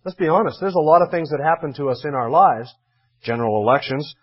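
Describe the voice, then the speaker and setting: A man's voice: fairly high pitch, fast talker, slightly rough, lo-fi sound. A man preaching a sermon as a pastor, in a conversational way with dry humor and emphatic repetition.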